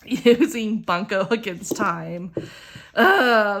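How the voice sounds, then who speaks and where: A middle-aged woman chats in a relaxed, unhurried way, counting numbers aloud as she hosts her budgeting channel. Her voice sits at an ordinary middle pitch and her delivery is easygoing and expressive. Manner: chatty and expressive, counting aloud with frequent exclamations. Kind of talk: casual chat while playing a savings game.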